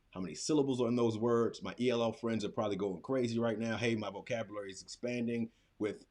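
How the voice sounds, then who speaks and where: A man's voice: mid-range voice, darkish tone. A man presenting a classroom writing activity in a casual webinar, thinking aloud as he clicks through his screen. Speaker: teacher presenter. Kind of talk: instructional webinar demo.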